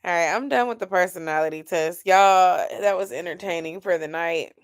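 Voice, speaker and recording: A woman's voice: on the low side, normal speed. A woman, chatting casually and sleepily with viewers on a late-night livestream. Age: 30s. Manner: sleepy, chatty, yawning and laughing. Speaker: livestream host.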